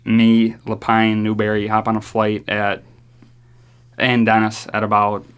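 A man's voice: fairly low pitch, monotone, measured pace, smooth. A young man with a New York accent casually telling a story on a podcast, rambling with lots of "like" and swearing freely.

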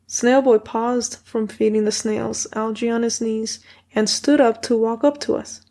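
A woman reading a children's story as an audiobook in a steady first-person narration. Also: on the high side, a little slow. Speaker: audiobook reader.

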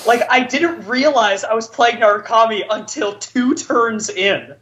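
A man's voice: extremely high pitch, unhurried, fairly bright tone, a little hiss or hum. Rambling man with a dull, lo-fi sound. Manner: rambling, filler-heavy with many likes. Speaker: podcast co-host telling a story. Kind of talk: casual storytelling.

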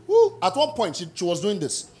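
A middle-aged man preaching a sermon at a church service, acting out quotes and shouting at his peaks. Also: sits high, huge pitch swings, moderate pace, noisy background. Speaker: pastor.

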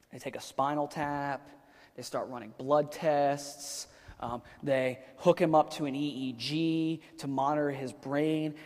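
A man in his thirties preaching a sermon, telling a personal story in a casual, conversational way with rhetorical questions and fillers. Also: a little high. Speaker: pastor. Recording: long reverb of a large hall.

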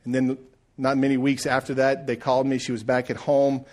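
A middle-aged man preaching a sermon, rising loud and then dropping to a hush. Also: mid-range voice, monotone, fairly quick. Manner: preaching, swells loud then drops to hushed. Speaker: pastor.

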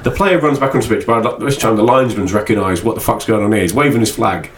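A man co-hosting a casual football podcast, telling stories in an animated way and swearing freely. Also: on the low side, quick pace, background noise. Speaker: podcast co-host.

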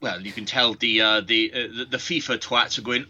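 A man in casual chat, cursing freely and slipping into mocking voices as he tells stories. His tone is strikingly bright and cutting. The recording is dull and lo-fi. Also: medium pitch, a little fast. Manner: sweary, sarcastic, acts out mocking quotes.

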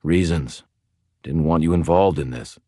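A man's voice: extremely low pitch, a little slow, dry recording, clean studio sound. A man voicing a feeble, hurt young vampire. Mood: weary. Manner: feeble and quiet.

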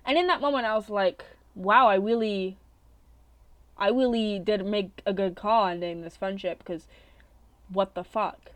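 A woman's voice: medium pitch, measured pace, no echo. Young woman podcaster, mid-range voice, casual confessional storytelling, curses a lot, dry close recording. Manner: candid, swears freely, asks "right?" often. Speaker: podcast host. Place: bedroom with open window.

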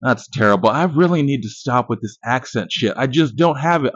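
A man's voice: medium pitch, expressive, brisk, hardly any pauses, no echo. A man in his thirties hosting a podcast, giving a casual, profane and jokey movie review monologue full of boasts. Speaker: podcast host. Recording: dull lo-fi dry recording.

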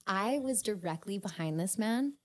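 A young woman, a podcast guest telling a story in a casual, animated way, laughing and swearing often. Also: mid-range voice, moderate pace.

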